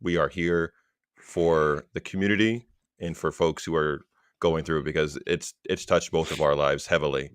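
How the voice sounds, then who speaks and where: A man co-hosting a podcast, speaking sincerely and encouragingly in a steady way. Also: a bass voice, normal speed, clean tone, no echo, studio quality. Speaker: podcast co-host. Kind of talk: casual podcast talk.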